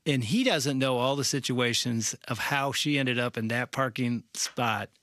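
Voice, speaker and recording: A man's voice: mid-range voice, a little slow, dry recording, studio quality. A middle-aged man, a pastor and co-host, telling a story in casual chat and acting out the quotes. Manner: animated storyteller, acts out quotes.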